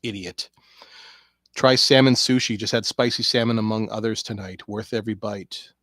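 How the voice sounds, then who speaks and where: A man hosting a casual solo podcast, rambling and sarcastic, swinging between low mutters and loud outbursts. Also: steady tone, brisk, no echo. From Canada. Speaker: podcast host previewing wrestling shows.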